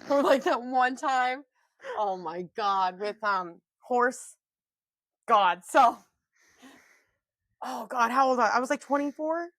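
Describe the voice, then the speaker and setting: A woman in her twenties co-hosting a podcast, telling stories in a loud, boisterous way with lots of swearing and laughter. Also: on the high side, takes it slowly, long pauses, no echo. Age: 20s. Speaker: podcast co-host. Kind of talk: casual chat.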